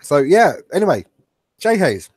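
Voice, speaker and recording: A man's voice: a little high, big pitch swings, measured pace, a little mellow, breathy edge, dry recording. Chatty man, dry close sound. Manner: jokey, laughs often, rambling storyteller. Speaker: podcast co-host. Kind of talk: casual chat. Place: at home on an online call.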